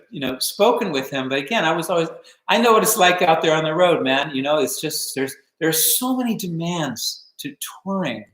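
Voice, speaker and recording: An older man hosting a home live stream, telling stories and answering viewer questions in a relaxed, rambling way full of fillers. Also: fairly high pitch, echoey room, rough recording. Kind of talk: casual storytelling and viewer Q&A.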